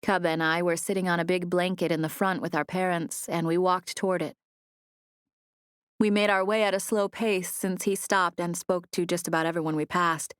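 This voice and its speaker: Low-voiced woman narrating an audiobook. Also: clean tone, dry recording, studio quality. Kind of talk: scripted first-person narration. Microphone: close studio mic.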